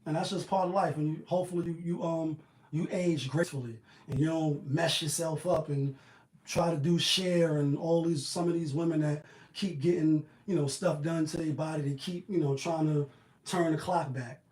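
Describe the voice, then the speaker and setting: A man giving casual commentary on the news in a slangy, animated, riffing manner. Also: fairly high pitch, normal speed, reverberant.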